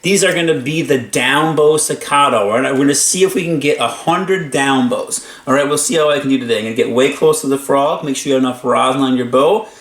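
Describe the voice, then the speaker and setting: A man's voice: medium pitch, brisk, few pauses, a bit bright. A man teaching string bowing exercises, talking between demonstrations and counting aloud as he plays. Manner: upbeat, talks between playing, counts aloud. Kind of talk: instrument lesson demonstration. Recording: echoey room with violin playing. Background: violin playing.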